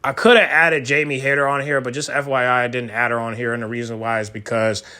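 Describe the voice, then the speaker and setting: A man's voice: medium pitch, little pitch movement, fast, pushed and bright. A man giving his opinions in a casual vlog, slangy and chatty, often restarting and correcting himself mid-sentence. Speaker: wrestling commentary vlogger.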